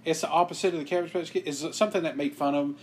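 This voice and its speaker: A man's voice: on the high side, fairly even intonation, very fast, a little hiss or hum. A man in his thirties co-hosting a podcast, chatting casually, crude and teasing, swearing often. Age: 30s. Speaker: podcast co-host. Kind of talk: casual chat.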